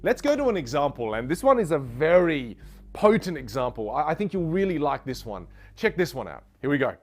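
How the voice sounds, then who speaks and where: Energetic male speaking coach, lively swinging pitch, asks the listener questions. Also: fairly quick, faint music behind. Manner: energetic, rhetorical questions, demonstrates trailing off and fillers. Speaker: communication coach. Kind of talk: instructional lesson.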